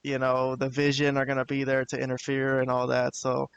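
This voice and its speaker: A man giving a relaxed, plain-spoken review of a wrestling show on a live stream, now and then swearing casually. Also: mid-range voice, brisk, gravelly, highs cut off, slight background noise.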